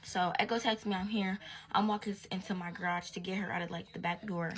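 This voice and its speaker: A woman's voice: fairly low pitch, steady tone, fast, noisy background. Young woman telling a slangy storytime. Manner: slangy and profane, drops to a whisper at times. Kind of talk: casual storytime.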